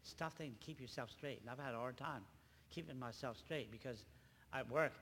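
An older man giving an emotional personal testimony at a church gathering, speaking haltingly and often repeating his words. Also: mid-range voice, a bit bright. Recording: reverberant hall, faint background noise.

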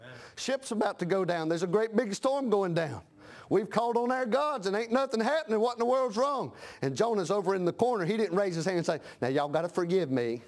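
High-voiced folksy preacher. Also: male voice, expressive, fairly quick. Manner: folksy preaching with frequent amens, acts out voices. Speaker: pastor. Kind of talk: sermon.

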